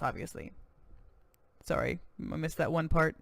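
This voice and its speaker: Casual lets play host chatting over a point and click game, mid pitch, dry close mic. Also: creaky, dry recording. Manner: chatty, self-deprecating, quick asides. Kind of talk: casual let's-play commentary.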